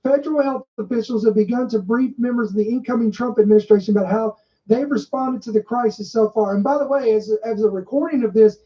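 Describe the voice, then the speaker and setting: A woman's voice: on the high side, fast talker, warm tone. A woman hosting a podcast, reading news headlines aloud and stressing key words, stopping to add her own commentary. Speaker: podcast host. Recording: muffled, dull recording.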